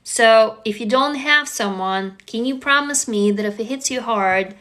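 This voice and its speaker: A woman's voice: fairly high pitch, measured pace, fairly bright tone. A woman hosting a casual live-stream on her phone, talking to viewers in an earnest, reassuring way, with many fillers. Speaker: livestream host answering viewers.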